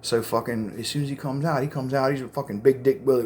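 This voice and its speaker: A man's voice: medium pitch, fairly even intonation, quick pace, hardly any pauses, a little mellow. A man telling a crude, rambling story to camera in casual, profane chat. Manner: rambling, crude, full of fillers.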